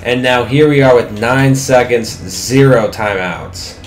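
A young man giving live, excitable commentary on his own football video game, swearing freely and talking at the screen. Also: medium pitch, slow, echoey room. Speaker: gaming commentator.

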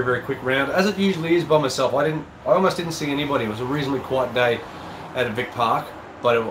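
Aussie male host, casual rambling chat, nasal with a cold; echoey room, audible aircon hum. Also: mid-range voice. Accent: Australian. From Australia. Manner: casual, chatty, rambling with fillers. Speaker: golf channel host. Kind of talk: live-stream chat reading viewer comments.

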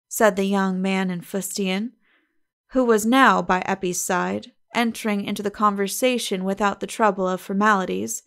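A woman's voice: mid-range voice, fairly even intonation, moderate pace, creaky, fairly bright tone. Woman narrating a classic novel. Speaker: audiobook narrator. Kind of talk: scripted narration.

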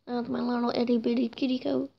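Woman, casual gameplay commentator; higher voice with vocal fry; rambling, self-deprecating; muffled lo-fi home recording. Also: level tone, fast talker. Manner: chatty, self-mocking, often apologizing. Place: home room with noisy brothers and a cat.

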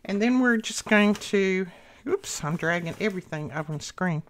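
On a relaxed craft tutorial, a woman chats to her audience while she works, a bit short of breath. She speaks in an animated mid-range voice at normal speed, and there's a little hiss or hum.

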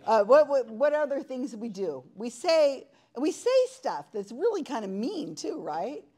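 A woman's voice: on the high side, big pitch swings, measured pace, dark tone. A woman leading an interactive workshop, talking conversationally and asking the audience questions in a room full of people. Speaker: workshop presenter.

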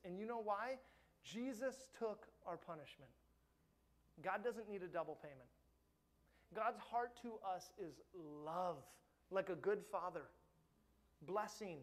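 A middle-aged man preaching a sermon as pastor, earnest and emphatic, dropping soft and slow on his key points. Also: sits high.

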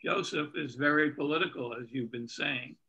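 A man's voice: mid-range voice, moderate pace, bright, forceful tone, muffled recording. A man taking part in a class discussion, eagerly making a point. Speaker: class participant.

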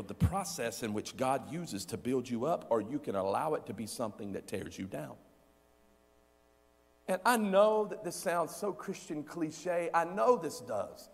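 A male preacher giving a sermon, repeating phrases emphatically and swinging between loud peaks and quiet, low stretches. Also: very animated, measured pace, vocal fry, in a large hall.

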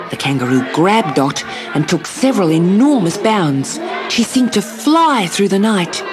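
A woman narrating a children's storybook tape in a measured, expressive way. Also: lowish voice. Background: soft story music.

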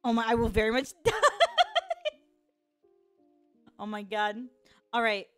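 A woman's voice: fairly high pitch, flat delivery, quick pace, clean tone, no room sound, faint music behind. A young woman with a Chicago accent, casually chatting on a live stream, laughing often and reacting to chat. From Chicago, USA.

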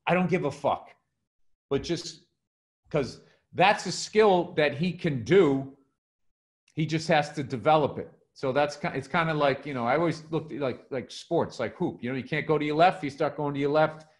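A man's voice: on the high side, normal speed. A middle-aged man co-hosting a casual podcast, telling comedy stories with lots of swearing and acting out quotes. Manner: animated storytelling, swearing, acts out quotes.

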